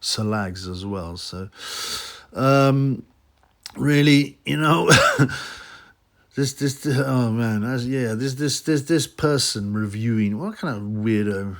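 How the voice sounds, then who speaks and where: Sneering man ranting casually. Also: takes it slowly. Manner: sneering, mocking, rambling with many fillers and restarts; slips into mocking high voices when quoting. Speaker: boxing commentary channel host.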